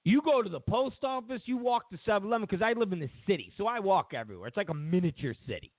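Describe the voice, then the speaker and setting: This man's high-pitched voice moves fast as he hosts a talk show, ranting with profane, mocking energy. The recording sounds dry and tinny like a phone, with no room sound.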